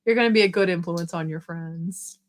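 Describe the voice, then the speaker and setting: Fast-talking upbeat middle-aged woman. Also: fairly low pitch. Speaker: live-stream host. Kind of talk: casual live-stream chat, reading viewer comments.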